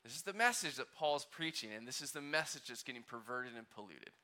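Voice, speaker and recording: A man's voice: medium pitch, lively intonation, fairly quick, pushed and bright. A male pastor preaching a conversational sermon, asking the congregation questions and acting out quotes.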